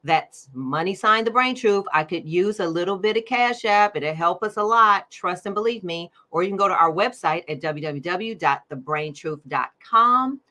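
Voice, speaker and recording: A woman's voice: lowish voice, animated, moderate pace, hardly any pauses, pushed and bright. A middle-aged woman hosting her own show, talking in an upbeat, chatty way and laughing often. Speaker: podcast host. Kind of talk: casual livestream chat.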